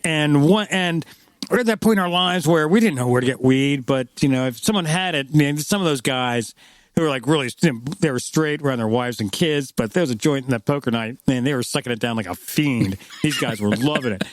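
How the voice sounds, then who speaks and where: Man, fifties, podcast co-host, rambling storyteller, quick talker, dry close recording. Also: medium pitch, no echo. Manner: rambling storyteller, acts out quotes. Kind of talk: casual chat.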